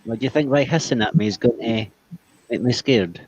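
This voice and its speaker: A man leading a ghost-hunting spirit box session on a livestream, calmly questioning the spirits and coaxing them to come forward. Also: medium pitch, fairly quick, breathy edge, no echo, rough recording. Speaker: paranormal investigator streamer.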